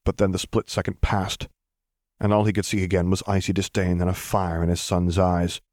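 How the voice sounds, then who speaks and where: A man narrating fan fiction in an even, measured reading. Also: low-pitched, no echo, clean studio sound. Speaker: audiobook narrator.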